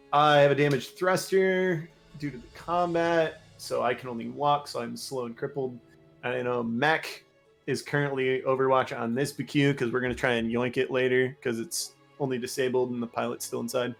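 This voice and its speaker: A man's voice: medium pitch, normal speed, gravelly, fairly bright tone, soft background music. A man casually recapping a tabletop game session for his group, rambling with many fillers. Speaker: player recapping the last session.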